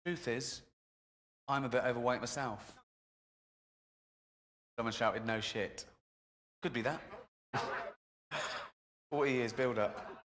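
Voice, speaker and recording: A man doing a stand-up comedy routine on stage, telling stories in an animated, chuckling way. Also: mid-range voice, slow, pauses often. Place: stage, heard through an in-game radio.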